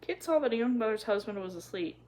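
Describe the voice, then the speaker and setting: A woman reading a children's chapter book aloud in a gentle, even storytelling manner. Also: on the high side, quick pace, slight background noise, low-quality recording. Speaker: storybook reader.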